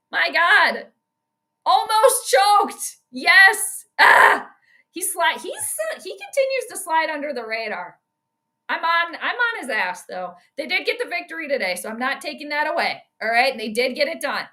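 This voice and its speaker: A woman giving chatty, excitable live commentary on a game during a stream, reacting loudly to each play. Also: sits high, measured pace. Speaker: astrologer and sports streamer.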